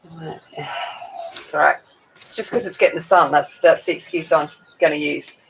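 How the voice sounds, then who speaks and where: A woman's voice: sits low, steady tone, a little fast, vocal fry, background noise. A woman with a broad Australian accent, chatting casually and rambling while she colours on a livestream. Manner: chatty, rambling, self-mocking.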